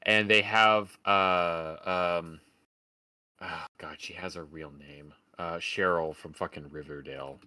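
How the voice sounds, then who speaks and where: A man's voice: low voice, steady tone, takes it slowly, sharp tone. A man from Oregon giving a sarcastic, profane rant in a casual podcast film review. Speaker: podcast host.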